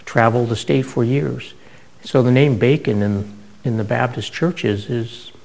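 A middle-aged man preaches a sermon, relating stories conversationally and frequently starting his sentences over. His voice is medium-pitched and darkish, and the audio quality is poor.

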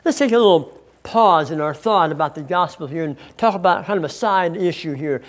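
A middle-aged man preaching a teaching sermon, deliberate and stretching key words for emphasis. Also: a little high. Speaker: pastor.

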